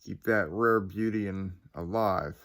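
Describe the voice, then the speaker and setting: A man's voice: sits low, measured pace, fairly bright tone. A man in his forties from Ohio, telling a ghost story to his viewers in a casual, rambling way. He uses lots of fillers and asides and speaks into a phone. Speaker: channel host.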